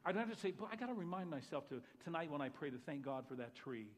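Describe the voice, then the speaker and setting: A man pastor preaching a sermon, talking to the congregation with asides, swinging between loud exclamations and hushed quiet remarks. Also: on the high side, animated, quick pace, hardly any pauses. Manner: conversational, with jokes to the congregation. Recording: long reverb of a large hall.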